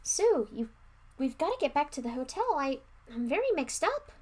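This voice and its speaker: A woman's voice: sits high, very animated, normal speed, a little mellow, voice pushed up. Woman doing a scared, whiny young boy. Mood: upset. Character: frightened young boy, anxious and confused.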